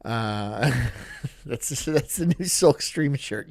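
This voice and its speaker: A man's voice: medium pitch, lively intonation, extremely slow, a little mellow, no echo. A man hosting a stream, rambling through crude jokes and laughing at his own bits. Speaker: streamer host. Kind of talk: crude casual stream banter.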